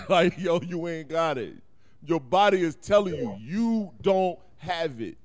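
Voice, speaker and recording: Podcast co-host, man, slightly high pitch, very lively delivery, slangy and laughing. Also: a little slow. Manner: animated storytelling, profane slang, frequent laughs. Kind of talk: casual chat.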